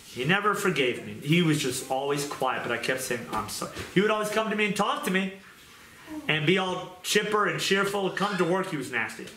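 A man's voice: sits high, expressive, brisk. A man preaching a testimony sermon, telling his story earnestly and repeating his points for emphasis. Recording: echoey room with loud noise.

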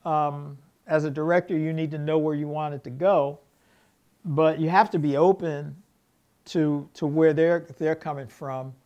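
Animated middle-aged male storyteller. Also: a little high, measured pace, lo-fi sound. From United States. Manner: animated storyteller, acts out quoted dialogue, many restarts. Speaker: film director, guest. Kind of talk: interview conversation, storytelling.

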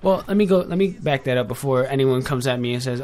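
A young man with an ordinary mid-range voice hosts a loose online radio chat, talking briskly with hardly any pauses. Off the cuff, he rambles, breaks off, corrects himself and uses filler, addressing listeners informally and directly. He is on headphones with a desk mic.

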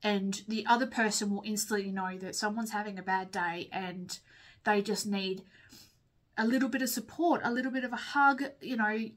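A woman's voice: medium pitch, moderate pace. Young Aussie woman, candid rambling vlog chat over makeup, sniffly. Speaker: vlogger. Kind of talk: casual chat while doing makeup.

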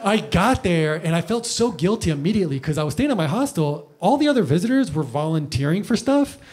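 High-voiced, animated male stand-up comic. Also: fairly quick. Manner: animated, slangy, lots of "like" and "bro". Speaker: stand-up comedian. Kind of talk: stand-up comedy. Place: live comedy club.

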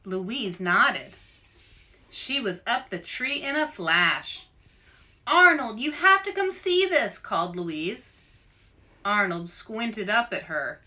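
A woman author reading her children's book aloud, expressive and asking young listeners questions. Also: mid-range voice. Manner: expressive, asks kids questions. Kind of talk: picture book read-aloud.

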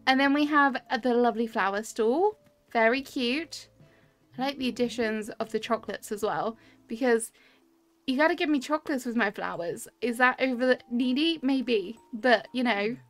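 This streamer is a high-voiced, cheerful woman who talks at a moderate pace while touring game islands. She is chatty in her casual live commentary and greets her chat by name. Sound is dry and close from a webcam and desk mic, with game music in the background.

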